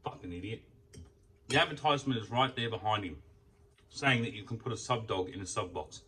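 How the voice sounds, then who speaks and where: A man's voice: on the low side, a little fast, recorded from a distance, a little hiss or hum. Swearing young man ranting. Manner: heavy swearing, animated storytelling. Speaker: food vlogger. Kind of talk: casual ranting while eating. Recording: voice off from the mic.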